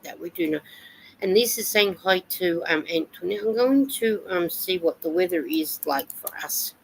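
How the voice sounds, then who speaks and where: A woman's voice: fairly low pitch, normal speed, creaky, a little hiss or hum, rough recording. An Australian woman hosting a live stream, chatting casually and reading out viewer comments and weather reports. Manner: chatty, reads comments and weather aloud with fillers.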